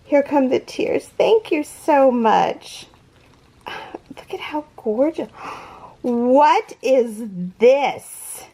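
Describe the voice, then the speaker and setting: A woman's voice: high-pitched, lively intonation, extremely slow, dark tone, breathy edge. A woman hosting a crochet unboxing vlog, gushing and awed, gasping and close to tears. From California. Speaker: crochet channel host.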